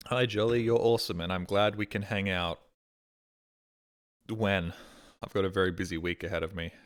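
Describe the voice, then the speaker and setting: A man's voice: deep voice, fairly even intonation, normal speed. Australian man rambling on stream. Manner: rambling, swears casually, mimics voices in quotes. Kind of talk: casual stream chat. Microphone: headset.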